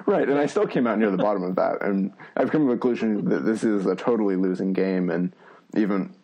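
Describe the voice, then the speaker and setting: Casting: man, low husky voice, wry self-mocking podcast talk. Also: fast, mellow, dull audio. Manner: self-deprecating, rambling with fillers and laughs. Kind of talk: casual chat.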